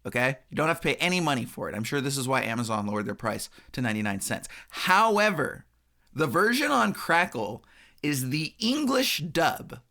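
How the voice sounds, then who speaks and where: Male podcast co-host, casual film chat, animated and swearing, bright tone. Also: medium pitch, normal speed. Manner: animated, laughing, swearing freely.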